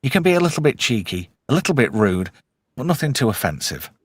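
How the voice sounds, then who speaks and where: A man from the north of England hosts a loose chat, joking and swearing as he goes. His pitch swings a lot, and his voice sits close and dry with no room around it. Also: fast talker, husky, dry recording. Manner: animated, swearing, jokey banter. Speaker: host. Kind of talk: casual chat.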